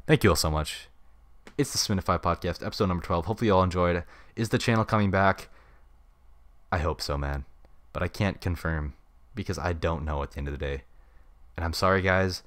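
Young male solo podcaster, deep, fast, casual rambler, dead-dry home mic. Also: fairly bright tone, no echo. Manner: rambling, laid-back slang. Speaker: podcast host. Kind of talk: unscripted solo podcast chat. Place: home room. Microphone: studio mic with pop filter.

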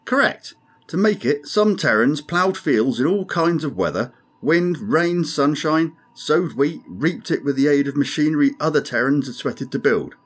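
A man's voice: on the high side, lively intonation, moderate pace, husky, voice pushed up. A man voicing a grim, sardonic male alien crewman who speaks dryly and insistently. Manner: dry, insistent, ominous.

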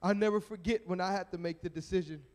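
High-voiced preacher telling a story. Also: male voice, fast. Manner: animated, dramatic storytelling. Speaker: evangelist. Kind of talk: storytelling sermon at a youth rally. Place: church sanctuary. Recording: echoey church sanctuary.

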